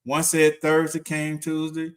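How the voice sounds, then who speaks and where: Animated middle-aged man telling stories. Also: a little high, measured pace, smooth. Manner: animated storyteller, laughs often, acts out quotes. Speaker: livestream co-host. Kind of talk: casual chat.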